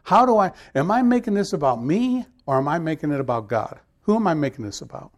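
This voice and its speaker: A pastor preaches a sermon to his congregation in a slightly high voice, very animated and fast. He tells stories in a loose, conversational way, then leans hard into the scripture passages with growing, emphatic force.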